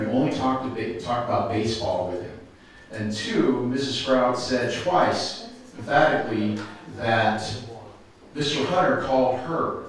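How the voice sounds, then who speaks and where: A man speaking up at a town hall, accusing the chair and repeating his demands. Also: medium pitch. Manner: confrontational, accusatory, repeats himself. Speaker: resident asking a question. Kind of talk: public comment at a town hall. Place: large indoor meeting hall. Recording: echoey hall, mic far off.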